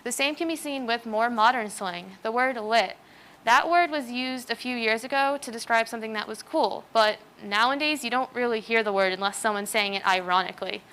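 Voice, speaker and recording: On a school stage, a teenage student presents a prepared talk in a sharp, somewhat high voice, speaking a little fast. Her manner is earnest and explanatory, packed with examples.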